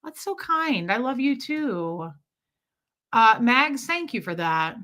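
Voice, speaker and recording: This woman's fairly high voice has a sing-song lilt, slow pace, brightness and a forceful edge. Hosting a casual livestream while she has a headache, she greets viewers by name, chatting and making fun of herself.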